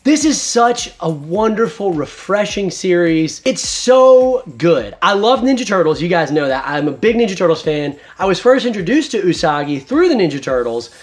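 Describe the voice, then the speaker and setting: A man's voice: high voice, moderate pace, hardly any pauses. A man in his thirties hosting a casual video review, talking enthusiastically. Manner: enthusiastic, animated. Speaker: host.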